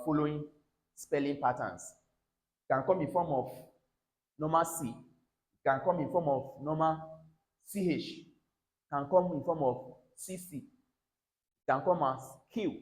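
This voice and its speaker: A man's voice: mid-range voice, low-quality recording. A man with a Nigerian English accent teaching a pronunciation lesson, repeating each word and checking in with "all right?".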